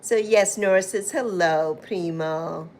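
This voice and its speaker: Speaking slowly in a lowish voice, a woman hosts a casual livestream, with a little hiss or hum audible. She's warm and chatty, greeting viewers by name and calling them "my love" and "honey."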